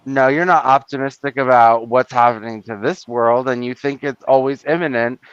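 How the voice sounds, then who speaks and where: Blunt new york guy hosting a stream, smooth clear voice, dull dry lo-fi sound. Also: mid-range voice, fairly even intonation, no room sound. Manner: blunt, argumentative, quick to push back. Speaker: host of a live stream. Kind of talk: casual chat.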